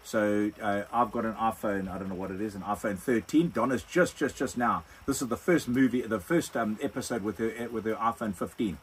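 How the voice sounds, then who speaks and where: A man's voice: fairly low pitch, fairly quick, hardly any pauses, a little hiss or hum, low-quality recording. An older man with a South African accent hosting a casual question-and-answer chat, rambling and repeating himself as he answers. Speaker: overlanding vlog host. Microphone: phone propped on a wine box.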